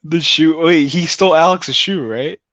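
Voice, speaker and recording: A man's voice: a little high, moderate pace, a bit bright, no echo, dull audio. Rambling, cussing man on a stream. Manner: rambling, swears a lot, laughs often. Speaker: stream host. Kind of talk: casual chat.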